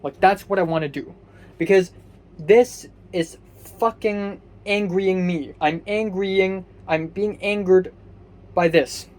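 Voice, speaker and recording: Speaking slowly in a high, slightly mellow voice, a young Hong Kong vlogger grumbles through an angry, sleepy rant. He swears constantly, sounds exasperated, and keeps rambling and restarting his sentences.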